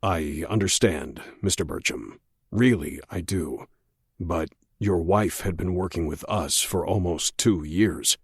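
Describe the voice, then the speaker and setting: A man narrating an audiobook voices a cold, controlled male federal agent who speaks slowly and quietly threatens. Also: slightly rough, no room sound, clean studio sound, full character voice. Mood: cold, insistent. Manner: slow, low, quietly threatening.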